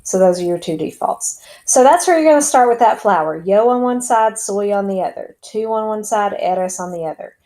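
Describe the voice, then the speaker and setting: A woman's voice: mid-range voice, animated, moderate pace, few pauses, mellow, low-quality recording. A woman teaching a recorded lesson to her students, explaining step by step in a chatty way as she types. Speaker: Spanish teacher. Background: keyboard typing and clicks.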